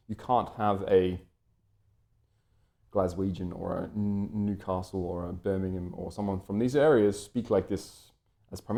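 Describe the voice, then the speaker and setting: Low, mellow male voice, British-raised, rambling lecture delivery with ums and restarts. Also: gravelly. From Britain. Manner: wordy, lots of fillers and restarts. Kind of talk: unscripted lecture-style commentary.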